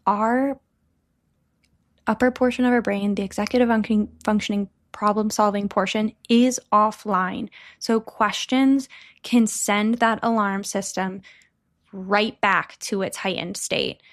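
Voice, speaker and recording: A woman's voice: medium pitch, fairly even intonation, slow. A woman co-hosting a podcast, explaining in an earnest, casual way. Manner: earnest, explanatory, drops to a soft gentle voice at times. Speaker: podcast co-host. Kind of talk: casual chat.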